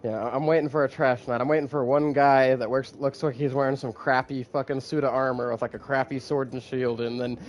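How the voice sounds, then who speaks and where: A man's voice: mid-range voice, steady tone, a little fast, few pauses. A man hosting a podcast in casual chat, laid-back, swearing freely and laughing often. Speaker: podcast host.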